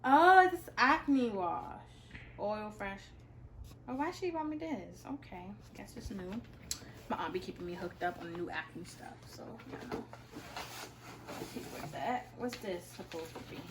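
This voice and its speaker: Excitable teen girl with a lively voice. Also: mid-range voice, normal speed, background noise. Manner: excitable, loud repeated exclamations. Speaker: vlogger. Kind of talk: casual gift-opening vlog.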